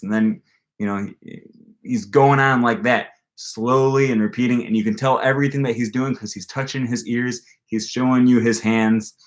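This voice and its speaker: A man's voice: medium pitch, steady tone, moderate pace. A young man hosting a casual live stream about learning languages, rambling with plenty of fillers and restarts and reading viewer comments aloud. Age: young adult. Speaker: language-learning channel host.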